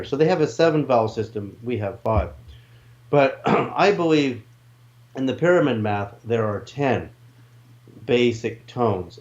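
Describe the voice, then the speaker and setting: A man's voice: medium pitch, a little mellow, highs cut off. A man in an interview, earnestly explaining his ideas with restarts and asides. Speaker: interview guest, researcher.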